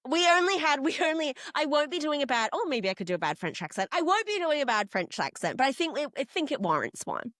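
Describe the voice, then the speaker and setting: An Australian woman in her young adult years, chatting through a recap with a high, lively voice that swings all over the place. She is gossipy and animated and keeps breaking into playful voices. The sound is close and dry. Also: fast, hardly any pauses, dry recording. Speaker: podcast co-host. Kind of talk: casual recap chat with playful reenactments.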